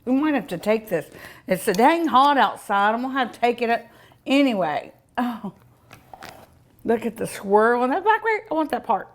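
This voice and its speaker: A woman hosting a home cooking show, tasting dessert with drawn-out mms and ohs in a folksy, chatty way, outdoors at her home. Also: on the high side, big pitch swings, a little hiss or hum.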